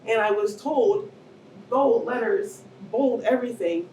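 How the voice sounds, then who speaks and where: A woman's voice: a little high, measured pace. Middle-aged pittsburgh-area woman sharing her survivor story, gets worked up, echoey room, mic kinda far off. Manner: emotional, rising to near shouts and tearful moments. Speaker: cancer survivor speaking at a panel. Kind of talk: personal testimony at a public talk. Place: event hall with audience. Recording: roomy hall, distant mic, faint noise.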